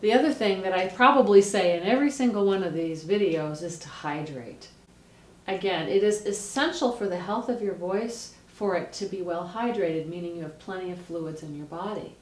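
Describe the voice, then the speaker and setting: Woman, vocal coach, lively instructive delivery, echoey room, mic set back. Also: fairly low pitch, moderate pace. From United States. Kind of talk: instructional explanation with voice demonstrations. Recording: roomy, distant mic, faint noise.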